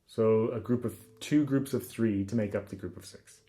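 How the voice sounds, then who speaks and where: Relaxed man teaching guitar. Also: on the low side, moderate pace, few pauses. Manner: relaxed, counts rhythms aloud, frequent ums. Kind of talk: casual instructional talk.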